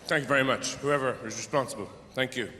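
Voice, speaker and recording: On a live theater stage, a middle-aged man does stand-up, rambling sardonically, cursing freely, and bursting into outbursts. His voice is mid-range and fast, with a noisy background, an echoey hall, and a faint audience.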